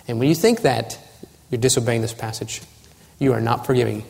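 A man's voice: mid-range voice, steady tone, brisk, creaky, darkish tone. A man preaching a sermon as pastor, earnest and building to urgent warnings. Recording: long hall reverb.

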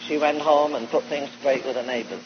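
A male preacher telling an animated, folksy story in a sermon, heard on a dull old recording. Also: medium pitch, a little fast, a little hiss or hum. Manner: animated, folksy anecdotal delivery.

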